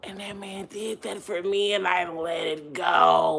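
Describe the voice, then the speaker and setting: A young woman telling a personal story straight to her viewers in a slangy, emotional way, sliding from low murmurs into loud laughing outbursts. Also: steady tone, a little slow, vocal fry, hardly any pauses, husky. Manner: slangy, addresses viewers directly. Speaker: vlogger.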